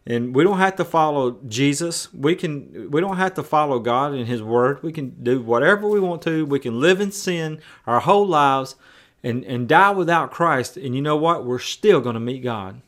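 A man's voice: on the high side, animated, moderate pace, a bit bright. A male pastor preaching a sermon in a conversational way, often repeating words and restarting.

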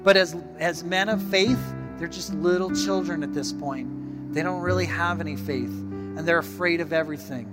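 High-voiced pastor in a reverberant hall. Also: male voice, moderate pace, over loud music. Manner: conversational, animated storytelling. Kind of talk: sermon.

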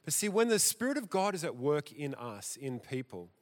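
A man preaching a sermon in a church, theatrical and animated, his loudness rising and dropping. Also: on the high side, normal speed. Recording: echoey church hall.

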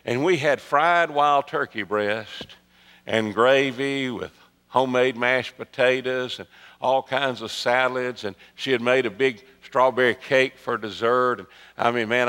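A man preaching a sermon, telling a story that swings from loud emphatic peaks to soft hushed asides. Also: medium pitch, steady tone, normal speed. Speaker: pastor. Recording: long hall reverb.

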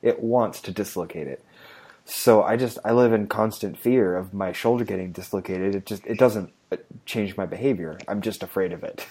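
A man's voice: fairly low pitch, normal speed, a little mellow, breathy edge. A man in his thirties co-hosting a podcast, talking in an easygoing casual chat and chuckling now and then. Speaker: podcast co-host.

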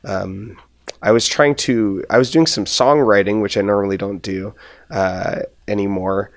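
A man's voice: fairly low pitch, steady tone, unhurried, dry recording, studio quality. A man co-hosting a podcast in casual chat, rambling and laughing often, his voice a little strained. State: slightly strained voice. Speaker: podcast co-host.

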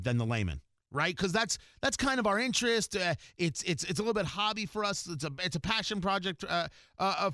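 A male talk show host in full opinionated-monologue mode, with a fairly high voice that swings up and down a lot. He restarts and repeats words as he pushes his points, and he sounds dry and close to the mic. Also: no room sound. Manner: animated, emphatic, with frequent restarts and repeated words.

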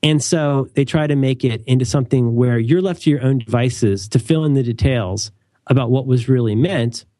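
A man's voice: medium pitch, normal speed, mellow, no echo, studio quality. A young adult man co-hosting a casual talk show. He rambles, corrects himself often and adds wry asides. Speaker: podcast co-host. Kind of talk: casual conversational chat.

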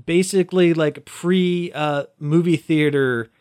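A man's voice: fairly high pitch, fairly even intonation, unhurried, darkish tone, clear, resonant tone, no echo, clean studio sound. A man co-hosting a casual podcast chat, rambling with lots of "like" fillers. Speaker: podcast co-host.

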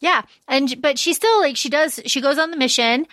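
A woman with a fairly high voice recaps a novel for her podcast in loose, chatty talk. She is blunt and swears now and then. The sound is close and dry, with no room echo. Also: normal speed, a bit bright. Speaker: podcast co-host. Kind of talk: casual book-discussion chat.

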